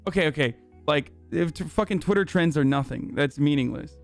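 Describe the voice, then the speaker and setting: Guy ranting on his stream, swears a lot, smooth clear voice, slightly high. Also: a little fast, soft background music. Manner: profane and heated, with frequent fillers. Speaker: livestream host. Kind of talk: livestream commentary.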